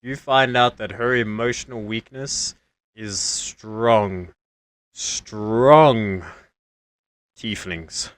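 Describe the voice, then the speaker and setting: A man's voice: fairly low pitch, extremely slow, no echo. A man running a tabletop game as game master, narrating with wry jokes.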